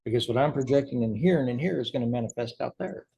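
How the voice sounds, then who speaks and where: A man's voice: medium pitch, fast talker, vocal fry, dark tone, slightly rough, lo-fi sound. A man hosting an interview, speaking reflectively and giving short agreeing replies. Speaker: interview host. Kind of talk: casual interview chat.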